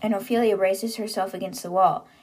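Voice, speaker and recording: A woman's voice: medium pitch, fairly even intonation, brisk, darkish tone, husky. A woman hosting a podcast, retelling a novel in a chatty, casual way with laughs and sarcastic asides. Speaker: podcast host. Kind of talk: casual book recap.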